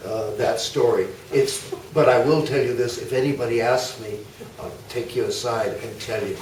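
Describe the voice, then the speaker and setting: A man's voice: medium pitch, fairly even intonation, moderate pace. Older man giving a chatty history talk. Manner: chatty, anecdotal, many uh fillers and asides. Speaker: guest speaker. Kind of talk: informal history talk to a club audience. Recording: echoey hall, mic far off, faint noise.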